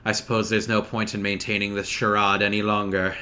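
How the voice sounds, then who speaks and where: A man voicing a grandiose male origami king villain, drawing his lines out slowly and theatrically while reading game dialogue aloud. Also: lowish voice, little pitch movement, pushed and bright, a little hiss or hum. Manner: slow, drawn-out and theatrical.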